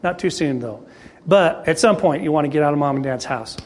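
A male preacher speaks to his congregation in a folksy, storytelling way. His voice sits high for a man and echoes with a long reverb through a church hall. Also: a little fast, a little mellow. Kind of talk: sermon.

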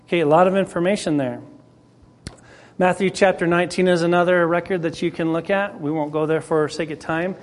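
A man's voice: fairly high pitch, fairly even intonation, fairly quick. Man with a fading voice teaching. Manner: conversational, frequent throat clearing. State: losing his voice. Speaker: Bible class teacher. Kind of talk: classroom Bible teaching.

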